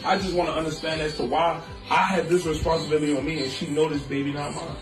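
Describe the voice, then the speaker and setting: A man's voice: a little high, flat delivery, fast. A man on a phone call, pleading and repeating himself, his voice strained. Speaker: distressed father on a phone call. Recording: roomy distant recording with music over it.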